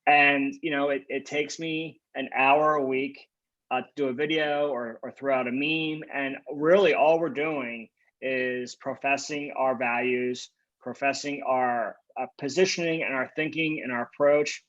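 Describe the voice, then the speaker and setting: A man's voice: medium pitch, steady tone, a little slow, a bit bright. Agency founder guest, male, emphatic and confident, contrarian edge, muffled lo-fi audio. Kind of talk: casual interview conversation.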